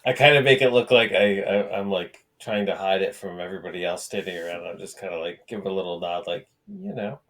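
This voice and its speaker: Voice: sits low, expressive, brisk, hardly any pauses, fairly bright tone. A player at a tabletop game, talking in character with giggles and hesitant restarts.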